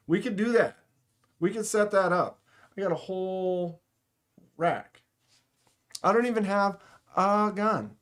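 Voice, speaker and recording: A man's voice: high-pitched, a bit bright. A man hosting a live stream, chatting casually with viewers in a joking, sarcastic way. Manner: joking, sarcastic, talks to chat. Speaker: livestream host. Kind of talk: casual livestream chat.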